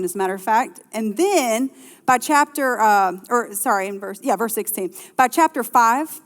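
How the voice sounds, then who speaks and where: Middle-aged woman pastor, chatty and playful sermon delivery, medium pitch, long church-hall reverb. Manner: lively, conversational preaching with playful asides.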